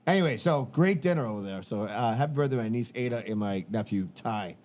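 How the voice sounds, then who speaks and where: A man's voice: medium pitch, animated, fast, a little mellow. A man, telling rambling, profane stories on a casual podcast and acting out what people said. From Massachusetts. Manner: profane, rambling storyteller who acts out quotes. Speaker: podcast host.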